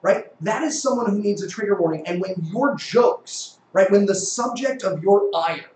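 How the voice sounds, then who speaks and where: A man's voice: high-pitched, expressive, moderate pace, darkish tone, reverberant, poor audio. A man who is a guest in a live debate and argues in an earnest, explanatory way.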